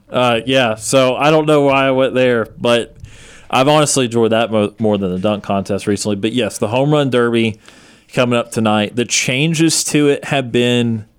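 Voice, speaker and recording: A man's voice: medium pitch, clear, resonant tone. A man hosting a sports talk show, chatting casually and thinking aloud as he goes.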